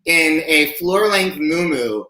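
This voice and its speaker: A man's voice: a little high, lively intonation, slow, pushed and bright, reverberant. A man co-hosting a livestream talk show from his home kitchen, chatting in a campy way with lots of fillers. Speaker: co-host. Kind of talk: casual chat.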